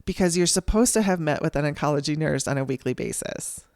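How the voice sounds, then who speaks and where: A woman's voice: sits low, expressive, fast, a little mellow, dry recording, studio quality. A woman voicing a flustered young female hospital scheduler who sounds hesitant and unsure. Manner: hesitant, unsure, phrases things as questions.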